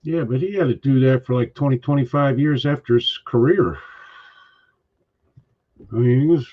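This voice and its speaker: A man hosts a loose political chat, blunt and grumbling, stopping again and again to clear his throat. His voice sits at an ordinary pitch. The sound is dull and lo-fi. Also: normal speed. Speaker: podcast co-host.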